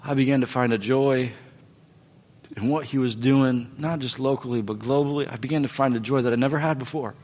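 A pastor preaches in a sermon, acting out the dialogue in his story. His voice sits in the middle range for a man and moves between loud, rising lines and hushed ones. The sound carries the long reverb of a large hall. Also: mid-range voice, fairly even intonation, fairly quick.

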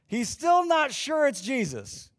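A man preaching a sermon as a pastor, telling the story lively and acting out the lines people say. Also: very high-pitched, slow. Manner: animated storyteller who acts out quoted lines. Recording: long hall reverb.

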